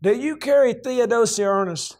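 At a moderate pace, a pastor with a high voice and Southern US accent preaches folksily, as though telling friends a story. His voice rises when he gets worked up, breaking into loud shouts.

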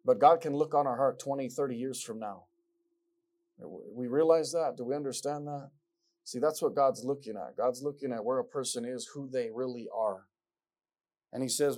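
Speaking at normal speed in a mid-range, slightly mellow voice, a man gives a sermon. He reads scripture aloud in King James language, with emphatic delivery, repeated lines, and rhetorical questions.

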